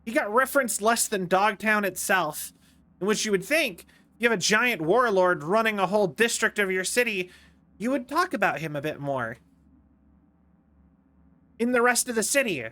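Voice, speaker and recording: A man's voice: high voice, expressive, moderate pace, pauses often, pushed and bright. A young man streaming a game, chatting casually in a rambling, playful way that keeps stopping and restarting. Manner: rambling, self-interrupting, playful. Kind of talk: casual gameplay commentary.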